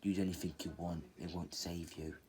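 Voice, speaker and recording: A man voicing a cocky young male ninja turned fiery avenger, with a flat, offhand delivery. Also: deep voice, normal speed, slight background noise, close to an everyday voice. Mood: cool.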